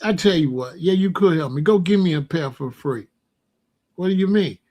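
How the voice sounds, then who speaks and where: A man's voice: fairly high pitch, expressive, moderate pace, a little mellow. A middle-aged man hosting his own channel, telling blunt, profane, slang-heavy stories in a casual monologue. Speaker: host.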